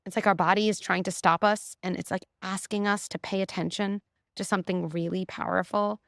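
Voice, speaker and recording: A middle-aged woman, a clinical psychologist, talking in an animated, explanatory way as a podcast guest. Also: medium pitch, fairly quick, gravelly, dry recording, studio quality. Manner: animated, explanatory, frequent "like" and "right?". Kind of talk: conversational interview.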